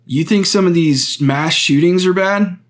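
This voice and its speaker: A man hosting his own podcast, talking through a topic on his own in an earnest, deliberate way, often stopping to restart a phrase and explain step by step. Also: high-pitched. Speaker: podcast host. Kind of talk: solo political commentary.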